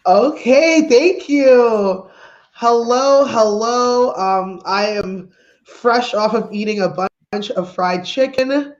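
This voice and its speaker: A woman's voice: a little high, slow pace. Brash woman comic on a dull lo-fi line. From Canada. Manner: brash, animated, acting out reactions. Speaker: stand-up comedian. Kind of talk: stand-up comedy set.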